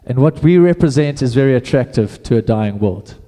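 A man's voice: mid-range voice, animated, a little fast, dark tone, in a large hall. A man preaching a sermon in a casual, conversational way, often restarting his phrases.

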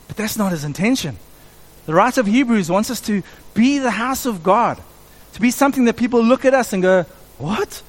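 Middle-aged guy preaching, pretty high voice, animated, acts out the quotes. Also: a little fast. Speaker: pastor. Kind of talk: sermon.

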